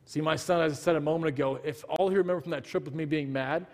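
A man's voice: fairly high pitch, fairly even intonation, fast, darkish tone, big-room sound. A man in his thirties preaching a sermon, earnestly telling a family story and acting out the dialogue.

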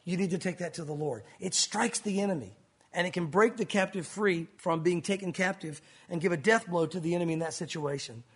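A man preaching a sermon in an animated way, acting out scenes and speaking directly to his congregation. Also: high voice, brisk, husky. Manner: animated, acts out bible scenes with sound effects. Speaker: pastor.

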